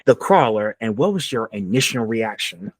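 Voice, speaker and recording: A man's voice: on the low side, lively intonation, moderate pace, no room sound. Eager young man hosting a podcast. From Georgia, US. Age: young adult. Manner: eager, enthusiastic fan questions. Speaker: podcast host. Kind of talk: casual podcast interview.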